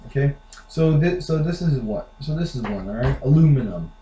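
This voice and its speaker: A man's voice: mid-range voice, expressive, moderate pace, mellow, a little hiss or hum. An American man chatting casually to the camera, rambling with lots of fillers. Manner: rambling, with lots of "like" and "you know". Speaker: vlogger. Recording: echoey room.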